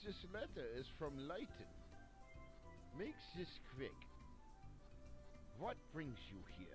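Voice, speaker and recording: A man's voice: a little high, huge pitch swings, slow, exaggerated voice. A man voicing a busy, impatient town mayor in a game, putting on a French accent. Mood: brusque. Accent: put-on French. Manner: brusque, impatient. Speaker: game character voice. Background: game music.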